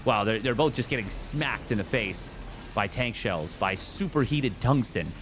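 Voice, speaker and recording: A man casting a strategy game tournament on his own, jokey and excitable, riffing between plays. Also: fairly low pitch, unhurried, music in the background. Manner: jokey, excitable, riffs and sing-songs. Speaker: esports caster. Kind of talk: solo game commentary.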